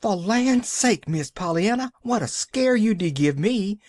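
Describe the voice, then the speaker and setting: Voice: mid-range voice, very animated, measured pace, no echo, clean studio sound, voice pushed up. A reader voicing Nancy, a flustered rural servant woman who talks in folksy dialect. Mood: fretful.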